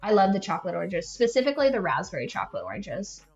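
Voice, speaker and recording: Talking fast and very animated, this young female podcast host has a medium-pitched, slightly mellow voice over soft background music. Her chat is rambling, casual storytelling full of self-deprecation and constant "like"s. The audio is dull lo-fi with an echoey room.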